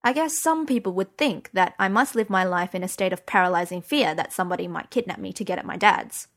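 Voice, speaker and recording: A woman's voice: fairly low pitch, expressive, a little fast, fairly bright tone. A woman narrating a story in the first person, conversational and wry. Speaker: audiobook narrator.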